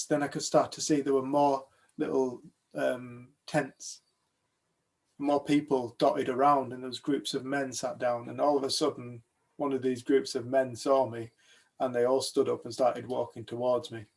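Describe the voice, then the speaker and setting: Animated British male storyteller, gravelly voice, acts out the dialogue. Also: mid-range voice. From United Kingdom. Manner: animated storyteller, acts out other people's lines. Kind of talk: telling a personal story to a group.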